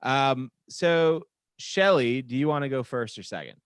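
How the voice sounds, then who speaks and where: A man's voice: mid-range voice, animated, a little slow, clear, resonant tone, no room sound. A man hosting a comedy debate show, moderating with dry, teasing remarks. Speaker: host and moderator.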